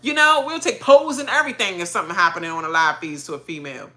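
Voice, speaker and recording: A woman hosting a reality show reaction, ranting in casual chat, animated and often laughing. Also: lowish voice, fast talker. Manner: animated, laughing, mocking quoted voices.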